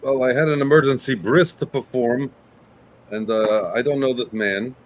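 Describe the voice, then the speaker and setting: A man answers the host with dry, absurd jokes, never breaking into a laugh. His voice is mid-pitched. Clear background noise hums along under the call. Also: steady tone, moderate pace. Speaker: game show contestant.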